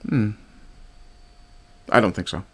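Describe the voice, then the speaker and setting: A man from Newfoundland giving sarcastic, profane reaction commentary on clips. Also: slow pace. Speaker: commentary streamer.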